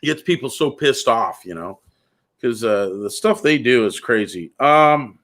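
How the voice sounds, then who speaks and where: A man's voice: mid-range voice, lively intonation, a little slow, a bit bright. A man hosting a casual talk show, speaking bluntly and ranting, often calling the listener "dude.". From California. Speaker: podcast host.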